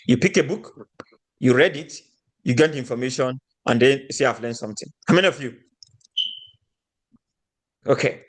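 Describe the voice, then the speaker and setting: A man's voice: medium pitch, normal speed, long pauses. A man from Nigeria giving a motivational teaching talk, often putting rhetorical questions to his audience.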